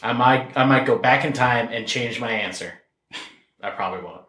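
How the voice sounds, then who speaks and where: A man's voice: medium pitch, normal speed, a bit bright, reverberant. A man hosting a casual podcast, running a quiz game in a playful, joking way. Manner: playful, laughing at his own ideas. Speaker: podcast host.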